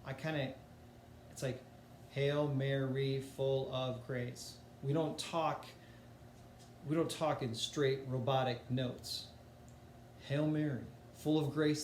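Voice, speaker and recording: A man gives a casual music lesson in a loose, chatty way, with filler words along the way. His voice sits at an ordinary middle pitch. The room rings with echo, and a faint hiss stays under it. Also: a little mellow. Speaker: music teacher.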